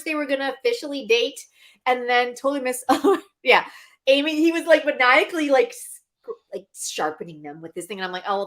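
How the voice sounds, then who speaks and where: A woman co-hosting a casual chat show, animated and laughing as she acts out scenes. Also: high-pitched. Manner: animated, laughing, acting out scenes with quoted voices. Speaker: podcast co-host.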